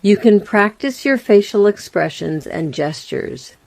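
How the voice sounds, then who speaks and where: A woman narrates a scripted English lesson in a slow, deliberate way, leaving room between phrases. Her voice is mellow and fairly low, and it sounds dry and close with no room around it. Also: lively intonation, no room sound. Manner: slow, plain and carefully spaced. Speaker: English teacher.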